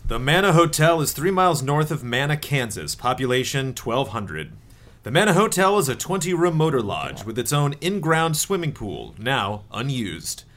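Man, mid pitch, lively melody, dry reading voice, tabletop game player. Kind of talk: casual tabletop game chat.

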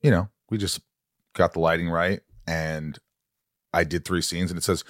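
A man hosting a podcast, talking in a relaxed, conversational way with his guest. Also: sits low, a little fast. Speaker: podcast host. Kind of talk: casual podcast chat.

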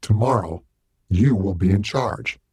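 A man voicing a sinister unseen male entity that calmly commands and coaxes a child, in a low husky voice. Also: a little slow, dry recording, studio quality. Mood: coaxing, commanding. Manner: calm, commanding, coaxing. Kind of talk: audiobook character voice.

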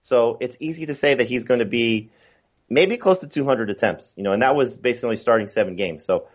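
A man's voice: medium pitch, animated, fairly quick, lo-fi sound. A man talking fantasy football as a podcast guest, chatty and full of fillers and restarts. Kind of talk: casual podcast chat.

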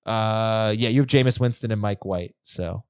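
A man hosting a podcast who has young kids, talking in easygoing, teasing casual banter with quick asides. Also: on the low side, clean tone, no echo, studio quality. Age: adult, parent. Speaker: podcast host.

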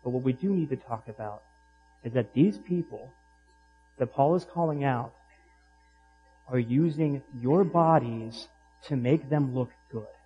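A man preaching a sermon in an animated, emphatic way, with rhetorical questions to the congregation. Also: mid-range voice, unhurried, pauses often, muffled recording, soft background music. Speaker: pastor.

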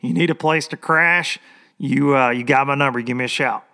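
Folksy, easygoing middle-aged host. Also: male voice, mid-range voice, normal speed, bright, forceful tone. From Tennessee. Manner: folksy, easygoing, laughs often. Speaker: podcast host. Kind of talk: casual interview chat.

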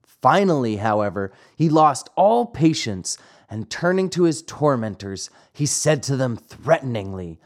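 A man narrating a classic fairy tale audiobook in a slow, expressive storytelling manner. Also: medium pitch. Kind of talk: scripted narration.

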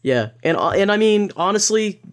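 A young man co-hosting a podcast in casual chat, wry and teasing, with a deadpan edge and some swearing. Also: sits high, normal speed. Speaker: podcast co-host.

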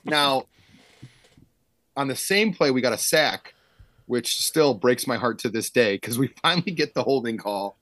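A man in his thirties, a high school football coach, telling stories in a casual podcast chat and acting out what people said, with frequent laughs. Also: expressive, a little slow, no room sound. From Illinois, Chicago suburbs. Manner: storytelling, acts out quotes loudly, laughs often.

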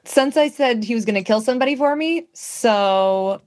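A woman's voice: fairly high pitch, normal speed, darkish tone. Giggly woman playing a tabletop game. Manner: giggly, casual in-character talk. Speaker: player.

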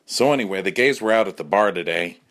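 A drunk man in his forties leaves a voice message, delivering a campy, sassy comic rant that keeps slipping into acted-out voices. He talks fast in a low, slightly bright voice.

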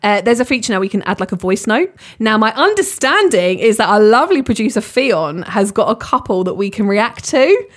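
A woman's voice: a little high, very animated, fairly quick, few pauses. A woman co-hosting a podcast in casual chat, bubbly and giggly, swearing freely. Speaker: podcast co-host.

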